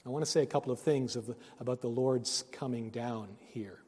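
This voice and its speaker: A man preaching a sermon, earnest, rising to loud emphasis and dropping to hushed phrases. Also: medium pitch, fairly even intonation, brisk, husky. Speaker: pastor. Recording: long reverb of a hall.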